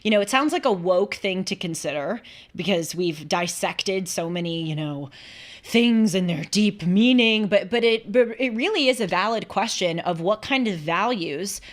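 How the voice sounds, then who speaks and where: A woman's voice: medium pitch, lively intonation. Chatty opinionated woman show host. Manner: chatty, opinionated, quick asides. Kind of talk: casual talk show chat.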